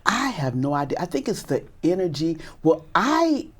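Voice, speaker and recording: Animated low-voiced radio woman. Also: normal speed, breathy edge. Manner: animated, laughing, earnest. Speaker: radio personality and guest. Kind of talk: casual interview chat.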